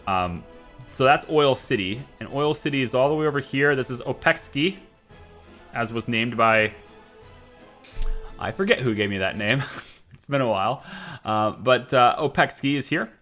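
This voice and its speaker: A man's voice: medium pitch, lively intonation, normal speed, long pauses, fairly bright tone, faint music behind. A man with a Scottish accent giving live gameplay commentary, musing aloud and chatting to viewers and to the little workers in his game. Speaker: streamer.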